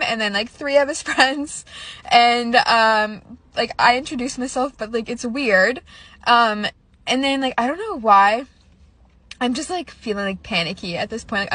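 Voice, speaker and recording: A woman's voice: fairly high pitch, pushed and bright, no echo. A young woman casually telling a story, rambling with lots of "like" and nervous little laughs. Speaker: storyteller recounting a date.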